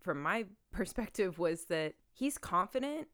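A woman co-hosting a casual film podcast, relaxed and thoughtful, with soft laughs. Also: lowish voice, measured pace. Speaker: podcast co-host.

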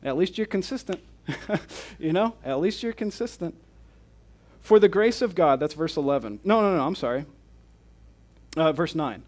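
Emphatic preacher, rhetorical questions. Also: male voice, fairly high pitch, lively intonation, normal speed. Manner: reads scripture then explains with rhetorical questions; emphatic and repetitive. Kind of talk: conference sermon.

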